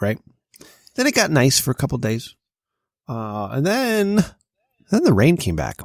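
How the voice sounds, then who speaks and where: A man's voice: medium pitch, big pitch swings, normal speed, long pauses, no room sound, clean studio sound. A man in his thirties from Connecticut, co-hosting a casual podcast from his home basement and ranting in an exasperated, profane way. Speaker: podcast co-host.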